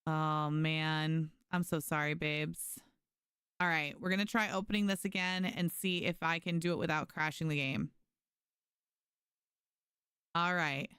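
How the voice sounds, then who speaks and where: Her voice sits low and moves a little slowly, with frequent pauses, as this young woman chats casually on a gaming livestream. She's chatty and animated, reading chat aloud and thanking viewers. Clean-toned, dry, studio-quality recording.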